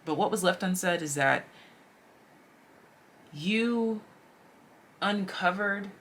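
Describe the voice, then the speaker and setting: A woman giving a casual, chatty tarot reading straight to her viewers, animated and slangy. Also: lowish voice, slow, slight background noise. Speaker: tarot reader.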